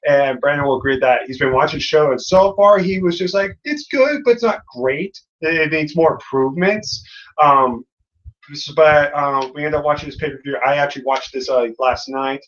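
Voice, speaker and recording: A man's voice: a little high, moderate pace, a bit bright, lo-fi sound. A man hosting a casual review chat, rambling with many fillers. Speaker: host.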